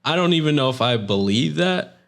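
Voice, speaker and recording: A man's voice: on the high side, expressive, a little fast, creaky, fairly bright tone. A man co-hosting a podcast, chatting casually with laid-back slang and frequent laughter. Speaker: podcast co-host. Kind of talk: casual chat.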